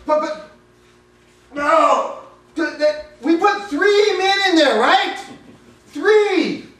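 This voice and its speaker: A furious, boastful ancient king bellows orders in a high, strained voice, as a preacher acts him out. The shouting rings around an echoey room, picked up from some distance off the mic. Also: animated, drawn-out words, exaggerated voice. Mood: panicked. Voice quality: shouting, blustering.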